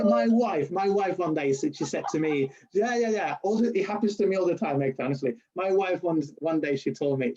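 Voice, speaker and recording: A man with a Spanish accent telling stories in a casual interview, acting out quotes and often restarting his sentences. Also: high-pitched. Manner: animated storyteller, acts out quotes, laughs often, restarts and self-corrects. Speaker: university lecturer and nurse interviewee. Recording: dull lo-fi recording.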